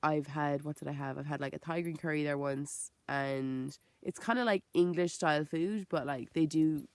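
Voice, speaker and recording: A woman's voice: deep voice, moderate pace, darkish tone, dry recording. A woman with an Irish accent and a chest infection, talking in a rambling, frank vlog monologue full of "like" and self-corrections, swearing freely. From Ireland. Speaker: vegan vlogger.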